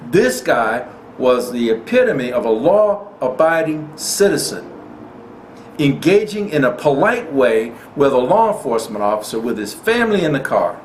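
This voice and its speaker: A man's voice: medium pitch, sing-song, moderate pace. A man hosting a gun rights channel, giving indignant commentary and repeating lines for emphasis. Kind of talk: impassioned commentary. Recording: echoey room with faint noise.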